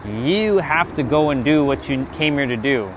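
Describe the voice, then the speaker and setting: A man in a casual spiritual monologue, animated and swearing, talking back to God in mock dialogue. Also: mid-range voice, normal speed, a little hiss or hum. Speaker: spiritual vlogger.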